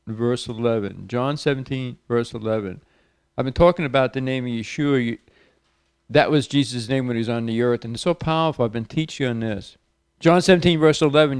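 A man preaching on the radio, reading scripture with raised emphasis and praying softly. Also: a little high, clean tone, dry recording, studio quality. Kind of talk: sermon with Bible reading and prayer.

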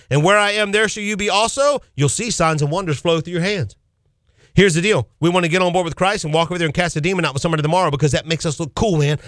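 A man's voice: sits high, a bit bright, dry recording, studio quality. A man hosting a Christian call-in radio show, preaching fervently and emphatically, often repeating his key phrases. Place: radio studio.

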